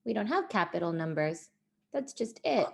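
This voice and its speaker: Patient coaxing woman, gravelly voice. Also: mid-range voice, very animated, moderate pace. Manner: patient, coaxing, laughs often. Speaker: parent guiding a child's activity. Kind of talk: casual home teaching and outro.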